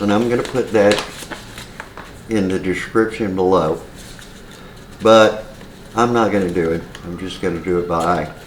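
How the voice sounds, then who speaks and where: A man hosting a casual home cooking demonstration, chatty and rambling, with side stories and plenty of filler words. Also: mid-range voice. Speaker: home cooking channel host. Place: home kitchen. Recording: roomy kitchen echo, faint noise.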